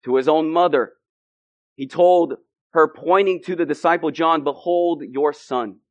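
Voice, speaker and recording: A man's voice: fairly high pitch, unhurried. Earnest male preacher. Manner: earnest preaching, rising to emphatic declarations. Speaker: pastor. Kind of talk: sermon.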